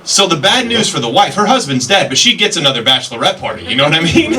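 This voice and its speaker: A man's voice: fairly high pitch, sing-song, quick pace, few pauses, bright, forceful tone. A man doing a chatty, self-deprecating stand-up comedy set, telling stories on a club stage. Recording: stage mic from a distance, crowd laughter.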